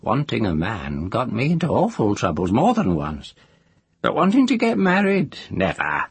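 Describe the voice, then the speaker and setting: A man voicing an old, earthy village witch woman who talks in a rustic country dialect with a drawn-out, sing-song lilt. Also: lowish voice, huge pitch swings, husky, no room sound, pitched above the performer's own voice, exaggerated voice. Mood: folksy, musing. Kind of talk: audiobook character voice.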